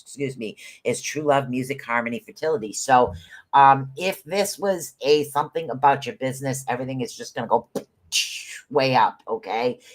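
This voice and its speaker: A man hosting a casual livestream rune reading. He talks in a chatty, rambling way, repeats words, and calls his listeners honey. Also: medium pitch. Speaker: podcast host giving live rune readings.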